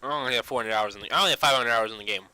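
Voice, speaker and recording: In a rapid-fire, sharp yet clean mid-range voice, a young gaming vlogger rambles casually about games, tucking "you know" into nearly every phrase. He restarts a lot and swears from time to time, and the poor-quality audio has no echo.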